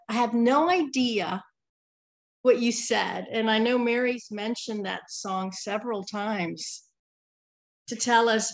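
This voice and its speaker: A woman with a gravelly, fry-laden voice speaks slowly and unhurriedly. She shares emotional, heartfelt thoughts with her recovery group in casual talk. Her pitch sits in an ordinary middle range. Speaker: meeting member sharing.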